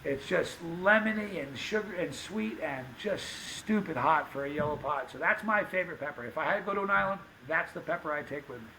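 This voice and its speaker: Male podcast guest, gravelly and bright, animated storyteller, faint room noise. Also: on the high side, fairly quick, few pauses, poor audio. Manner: animated anecdote-teller, acts out quoted dialogue. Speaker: podcast guest, pepper show host. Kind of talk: casual storytelling.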